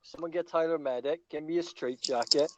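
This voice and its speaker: A man's voice: on the high side, a little fast, a crowd in the background, rough recording. A man co-hosting a livestream in casual, joking, profanity-heavy banter. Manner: joking, swearing, laughing often. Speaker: livestream co-host.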